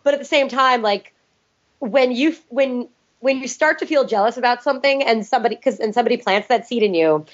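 A woman with a somewhat high voice talks in a loose, rambling way, often trailing off into "I don't know." She co-hosts a casual podcast chat. The recording is dull and lo-fi. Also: brisk. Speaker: podcast co-host. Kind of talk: casual chat reviewing TV episodes.

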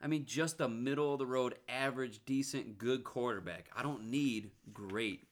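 A man's voice: medium pitch, normal speed. A man co-hosting a casual sports talk show, earnest and stat-driven, building to passionate outbursts.

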